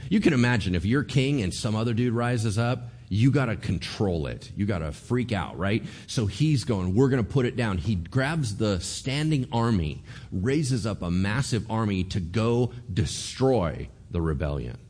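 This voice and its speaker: A man delivering a sermon in a low voice that leaps and dips with lively emphasis. He acts out the people he talks about and keeps firing questions at the listeners. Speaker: pastor.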